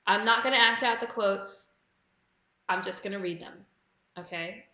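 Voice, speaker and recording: A woman with an Australian accent hosting a live online pub quiz, reading each clue slowly and repeating it. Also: medium pitch, bright, forceful tone, roomy sound, poor audio. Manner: reads clues slowly and repeats them. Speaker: quiz host.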